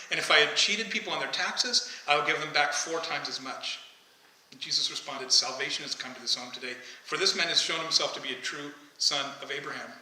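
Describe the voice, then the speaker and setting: Man, pastor, sermon, high bright voice, roomy church echo. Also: a little hiss or hum. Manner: conversational, asks the congregation questions. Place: church sanctuary. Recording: echoey church hall, faint ambience.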